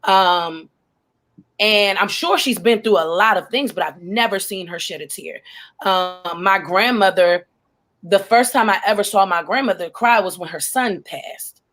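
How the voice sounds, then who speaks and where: A woman's voice: mid-range voice, unhurried, a bit bright. Reflective woman guest on a panel. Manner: reflective, speaks at length. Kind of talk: casual panel discussion.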